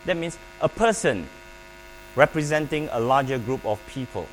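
A man preaching a sermon, emphatic and paced with pauses, calling on the congregation to repeat his words. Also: mid-range voice, lively intonation, poor audio. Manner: emphatic, with pauses and call-and-response prompts. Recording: faint mains hum.

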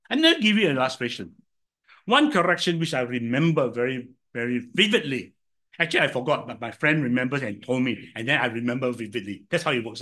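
Lively older Singaporean man preaching. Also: mid-range voice. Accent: Singaporean English. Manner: animated storytelling with rhetorical questions to the audience. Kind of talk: sermon.

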